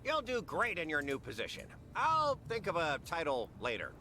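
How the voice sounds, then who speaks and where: A woman's voice: fairly low pitch, wildly swooping pitch, moderate pace, background noise, pitched below the performer's own voice. A woman voicing a chipper, evasive male boss handing out tasks, with game music underneath.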